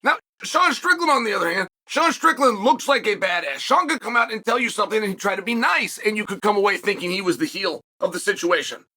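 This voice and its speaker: Male host, solo commentary, forceful and repetitive for emphasis, bright tone. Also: high voice, lively intonation, fairly quick, hardly any pauses. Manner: emphatic, builds points through repetition.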